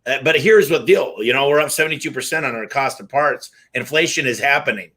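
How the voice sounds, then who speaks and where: A man's voice: mid-range voice, brisk, bright, forceful tone, slightly rough. A male host chatting casually with a guest. He is enthusiastic and jokey and tells anecdotes. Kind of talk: casual business interview chat.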